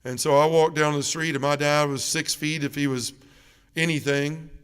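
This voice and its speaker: A man with a drawl tells his testimony at a church mission in an earnest, heartfelt way, going quiet and low when the story turns heavy. His voice sits a little high and comes through smooth and resonant. The long ring of a church sanctuary trails behind each phrase. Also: fairly even intonation, normal speed, in a large hall. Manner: earnest, emotional storytelling that drops soft and low in heavy moments. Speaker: guest speaker at a parish mission. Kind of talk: personal faith testimony.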